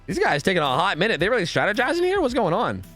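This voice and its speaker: A young man streaming a game live, chatting with his viewers in a profane, excitable, rambling way. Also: sits high, quick pace, soft background music. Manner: rambling with frequent restarts and fillers. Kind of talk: casual live-stream chat while gaming.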